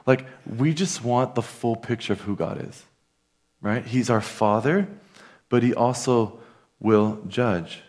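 A man's voice: medium pitch, measured pace, a little mellow. A man preaching a sermon in an earnest, conversational way, talking straight to his listeners.

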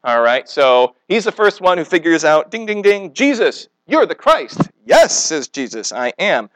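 A man preaching with a lively, swooping delivery that stays a little high for a man. He tells stories animatedly, acting out the quoted speakers. The sound is dry and close. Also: unhurried, no echo, low-quality recording. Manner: asks the congregation questions. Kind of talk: sermon.

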